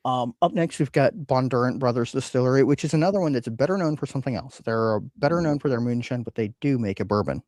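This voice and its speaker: A man's voice: medium pitch, fast, hardly any pauses, darkish tone, no room sound. Guy hosting a whiskey show, rambly, lots of uhs, dry close mic. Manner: rambling, hesitant with many fillers. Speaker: podcast host. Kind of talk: casual chat.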